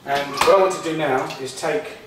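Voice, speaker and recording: This English man's voice is on the high side, and he speaks at a normal speed while casually demonstrating home cooking. He's chatty and rambling with frequent restarts, recorded on a distant mic in an echoey kitchen with frying sizzle and background noise.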